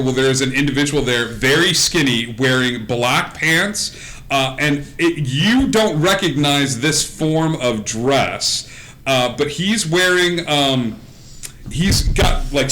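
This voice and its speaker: Bright-voiced man narrating a tabletop game. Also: a little high. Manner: rambling, filler-heavy, laughs between lines. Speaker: game master. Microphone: streaming mic.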